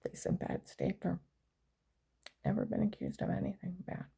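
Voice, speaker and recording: A woman's voice: on the low side, huge pitch swings, moderate pace, creaky, warm tone, breathy edge, low-quality recording. An older woman rambling through an aggrieved story in a casual monologue.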